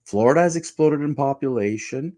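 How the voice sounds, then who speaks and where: A man's voice: medium pitch, a little fast, a little mellow. A man co-hosting a podcast, making an emphatic, argumentative case in political discussion. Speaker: podcast co-host.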